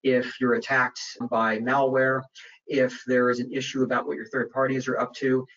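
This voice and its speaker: Guy doing a webinar q&a, lots of uhs and restarts, mid pitch, sounds a bit far off and muffled. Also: flat delivery, normal speed, fairly bright tone. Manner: conversational, many fillers and restarts. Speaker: webinar presenter on data privacy. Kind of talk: webinar Q&A talk. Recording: muffled, distant webinar audio.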